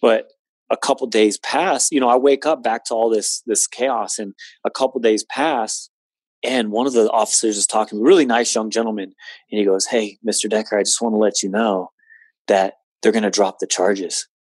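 A man's voice: on the low side, steady tone, moderate pace, a little mellow, no echo. A man in his late twenties earnestly recounting a personal story in conversation, with many fillers. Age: 20s. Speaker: guest telling his story.

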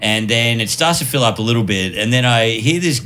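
A man's voice: medium pitch, fairly quick. A man telling casual stories on a podcast, laughing often and acting out the people he quotes. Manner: animated, laughs often, acts out quoted voices. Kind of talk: casual storytelling chat.

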